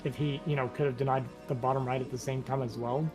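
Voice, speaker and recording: Man casting a game in a flat, hoarse voice. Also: mid-range voice, fast, over music. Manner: self-described monotone, relaxed. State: hoarse from losing his voice. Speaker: esports caster. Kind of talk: live game commentary.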